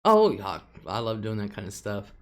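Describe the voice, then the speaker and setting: A woman's voice: very deep voice, very animated, normal speed. Chatty woman host. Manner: chatty, laughs often, drawls some words. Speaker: livestream host. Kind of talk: casual livestream chat reading comments.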